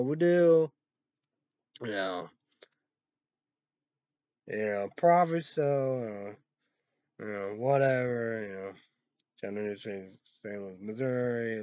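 A man on his own channel, rambling and swearing, swinging from loud outbursts to low mumbles. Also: dry recording. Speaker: vlogger. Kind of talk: rambling solo rant. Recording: dull, muffled lo-fi sound.

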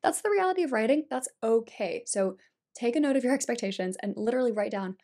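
A woman's voice: a little high, lively intonation, fast talker, darkish tone. A woman talking to the camera as a writing coach, chatty and direct, with emphatic delivery. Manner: chatty, direct, addresses the viewer. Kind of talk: casual instructional vlog.

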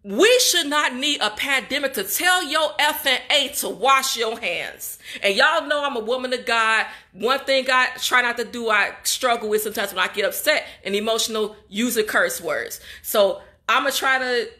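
A woman's voice: on the high side, moderate pace, hardly any pauses, sharp tone. A young woman from Chicago, a graduate student, venting in an upset, emotional vlog straight to her viewers. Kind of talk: casual emotional vlog monologue.

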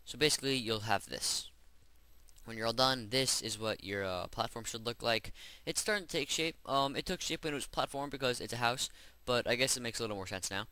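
A man's voice: mid-range voice, brisk, bright, forceful tone, no echo. A man hosting a game-building tutorial, chatting casually and rambling as he works through each step. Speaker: Minecraft tutorial host. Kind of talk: gameplay voice-over tutorial.

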